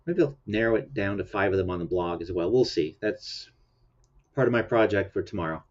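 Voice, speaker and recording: Speaking a little fast in a low, expressive voice, this man hosts a casual livestream chat. He rambles, laughs a lot and sounds sleepy, yawning along the way, with the audio coming through dull and lo-fi.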